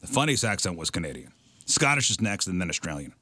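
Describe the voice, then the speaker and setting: A man's voice: low voice, big pitch swings, fast, pushed and bright, no room sound. A man hosting a radio talk show, casually reading out survey results and steering the banter. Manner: reads out survey results, leads the segment.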